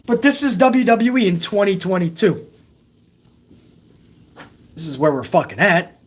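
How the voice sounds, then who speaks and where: A man's voice: sits high, sing-song, unhurried, breathy edge. Male host, profane ranting recap, sarcastic and heated. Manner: heated, sarcastic, heavy swearing. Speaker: wrestling show host.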